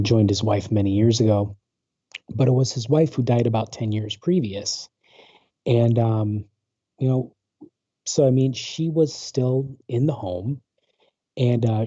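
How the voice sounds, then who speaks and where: Man in his forties, guest on a call, rambling storyteller, low mellow voice, dull lo-fi audio. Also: husky, dry recording. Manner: rambling, full of fillers and restarts. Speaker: guest, paranormal researcher. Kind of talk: casual storytelling interview. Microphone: video call.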